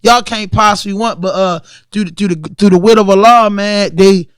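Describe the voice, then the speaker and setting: A man's voice: high-pitched, fairly even intonation, moderate pace, smooth, no echo, studio quality. A man in his thirties with a Baltimore accent, telling stories in a casual podcast chat and acting out the voices of the people in them. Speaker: podcast guest.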